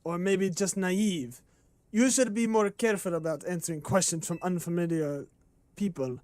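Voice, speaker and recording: A man voicing a male gangster caller with a put-on French accent, speaking slowly with polite menace. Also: sits high, a little mellow, no echo, voice pushed down, lightly acted. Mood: silky menace. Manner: slow, silky, threatening politeness. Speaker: streamer voicing game dialogue.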